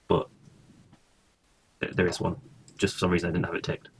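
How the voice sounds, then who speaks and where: A man's voice: deep voice, moderate pace, long pauses, breathy edge. A man casually commentating his own gameplay, thinking aloud and swearing now and then. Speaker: gaming streamer.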